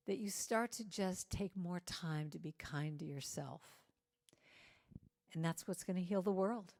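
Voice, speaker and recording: Middle-aged woman speaker, fairly low voice, playful inspirational sermon delivery. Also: normal speed. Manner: warm, playful, inviting the audience to join in. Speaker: guest speaker.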